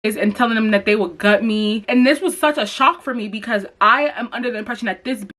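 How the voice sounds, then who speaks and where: A woman's voice: a little high, quick pace, fairly bright tone. A young adult woman telling a personal story to her viewers in a casual vlog, blunt and chatty with lots of swearing. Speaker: vlogger.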